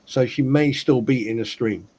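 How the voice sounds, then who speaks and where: A husky-voiced man co-hosting a livestream, trading crude jokes in loose casual banter. He talks at a middling pitch. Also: moderate pace, darkish tone. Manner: crude joking, frequent laughter. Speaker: livestream co-host.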